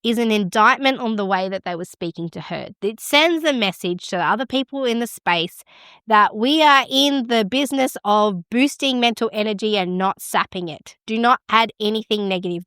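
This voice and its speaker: A woman's voice: medium pitch, fairly bright tone, clean tone, no room sound, studio quality. A middle-aged woman hosting a midwifery podcast, giving frank, encouraging advice in a conversational way. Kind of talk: casual advice talk.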